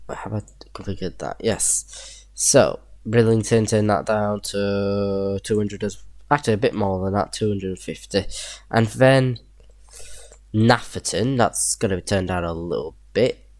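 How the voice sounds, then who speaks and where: This young man's voice is lowish, unhurried, and darkish in tone, captured without echo. With a Yorkshire accent, he gives casual gameplay commentary, thinking aloud over a train map he's building and chuckling now and then.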